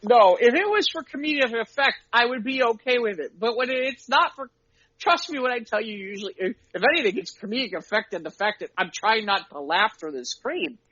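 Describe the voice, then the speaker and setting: A man co-hosting a podcast and chatting casually about running tabletop games as game master, acting out his players' lines in quick voices. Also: very high voice, expressive, bright, forceful tone, breathy edge, highs cut off. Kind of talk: casual chat.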